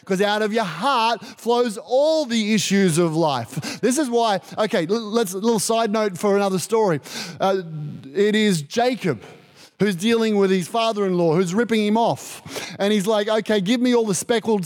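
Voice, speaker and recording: Male pastor, higher voice, lively sermon delivery, acts out the voices in his stories. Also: normal speed. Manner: animated, acts out quoted voices.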